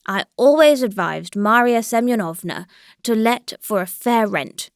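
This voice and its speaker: A woman reading the lines of an old grey-whiskered country landowner, speaking in a measured, reflective and mildly complaining way, in a dry recording. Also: on the high side, animated, clear, resonant tone, dry recording.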